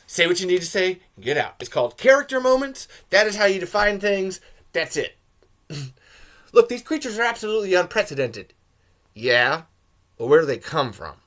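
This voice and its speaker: A man rants casually about a film, swearing freely and rambling between points. His voice is bright and fairly high, and at times it jumps up into excited shouts. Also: normal speed, long pauses. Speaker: podcast host. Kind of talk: casual film review rant.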